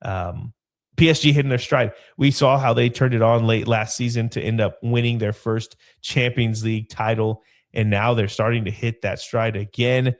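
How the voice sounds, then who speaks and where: A man hosting a casual football podcast alone, talking in a loose, rambling way with his voice gone hoarse. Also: mid-range voice, steady tone, moderate pace. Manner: loose, rambling, with frequent fillers and restarts. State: hoarse, voice partly lost. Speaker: podcast host.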